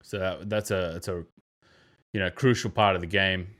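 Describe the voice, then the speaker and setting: A young man hosting a podcast, casually breaking down basketball footage, animated and given to exclamations. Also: sits low, normal speed. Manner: animated, bursts into loud mimicry and exclamations. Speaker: podcast host.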